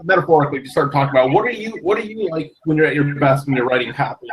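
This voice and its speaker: A man interviewing in a casual chat, asking long, halting questions. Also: on the high side, expressive, crowd noise. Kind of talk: casual conversation.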